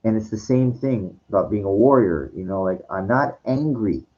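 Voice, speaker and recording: A man hosting his own channel, ranting in a passionate, halting way and repeating himself often. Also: fairly low pitch, expressive, darkish tone, lo-fi sound. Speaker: host. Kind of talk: rambling movie rant.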